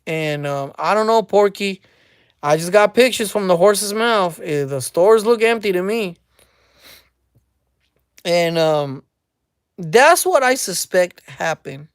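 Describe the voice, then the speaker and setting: A woman's voice: mid-range voice, animated, slow, long pauses, smooth, dry recording. Dry-voiced woman ranting on camera. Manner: mocking, speculative, repeats phrases. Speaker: commentary channel host. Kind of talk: casual commentary rant.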